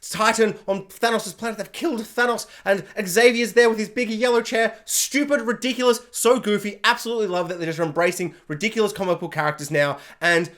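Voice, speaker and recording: Excitable high-voiced man rambling. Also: a little fast, few pauses. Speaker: film reviewer.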